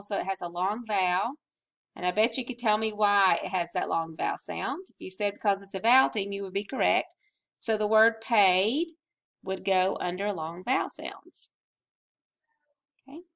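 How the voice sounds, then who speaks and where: A woman teaching a recorded spelling lesson, patient and slow, stretching out vowel sounds. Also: medium pitch, gravelly, fairly bright tone.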